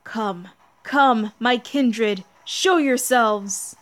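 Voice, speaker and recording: A woman's voice: a little high, drawn-out words, a bit bright. Woman reading a gloating monstrous demon god. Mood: taunting. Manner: taunting, theatrical laughter. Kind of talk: reading game dialogue aloud.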